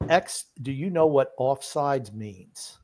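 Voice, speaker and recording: A man's voice: medium pitch, animated, slow, darkish tone, a little hiss or hum. An older man co-hosting a casual podcast, teasing his co-hosts and reading viewer comments aloud. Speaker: co-host reading chat comments.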